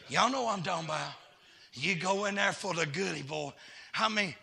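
A man preaching a fiery sermon, calling out to the congregation and swinging from hushed asides to shouting. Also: sits high, fairly quick, vocal fry, breathy edge.

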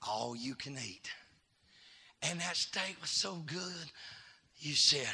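A man preaching a fiery sermon, calling out to the congregation and swinging from hushed asides to shouting. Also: fairly high pitch, animated, slow pace, pauses often, heavy background noise.

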